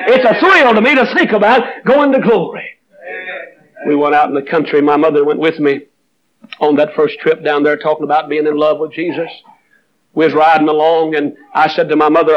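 Older man preaching a fervent revival sermon. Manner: storytelling, rising into fervent high-pitched preaching. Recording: muffled old sermon recording.

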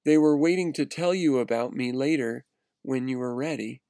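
A soft, gentle angel sister, as a male reader voices her. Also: mid-range voice, moderate pace, no echo, studio quality, natural voice. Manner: soft, calm, urging. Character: gentle angel sister, a young girl spirit. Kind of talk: read-aloud storytelling.

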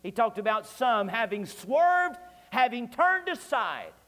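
A male pastor with a strikingly high voice delivers an impassioned sermon, hammering home repeated phrases and climbing to shouts. The archival church recording carries a long hall reverb. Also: sing-song, slow pace. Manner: impassioned preaching, rising to shouts. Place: church sanctuary.

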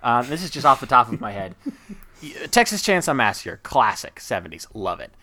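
A man's voice: medium pitch, sing-song, moderate pace, sharp tone. A man hosting a movie podcast, talking in a rambling, enthusiastic way full of asides. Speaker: podcast host. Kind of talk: casual chat.

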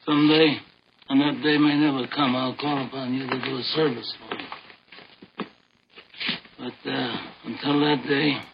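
A soft-spoken older mob boss, slow and menacing and low in volume. The clip sounds dull and lo-fi, with faint hiss underneath. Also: male voice, fairly even intonation, gravelly. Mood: quietly menacing.

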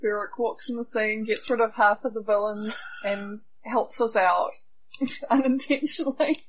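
A woman playing a tabletop game, talking in a lively, quick-to-laugh way. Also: on the high side, slight background noise, rough recording. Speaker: player. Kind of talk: casual game chat.

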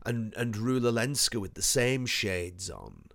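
A man's voice: on the low side, sing-song, measured pace, gravelly, a bit bright, no room sound. A man co-hosting a casual chat, nostalgic and jokey, swearing now and then. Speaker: podcast co-host.

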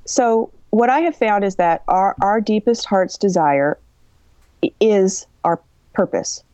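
A woman's voice: mid-range voice, slow pace, no echo. A woman author and coach answering interview questions, telling client stories and acting out the people in them. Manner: animated, acts out quoted people.

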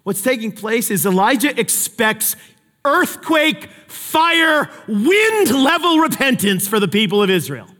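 A man preaching a sermon as a pastor, telling the story with animated, emphatic delivery. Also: very high voice, unhurried. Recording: long hall reverb.

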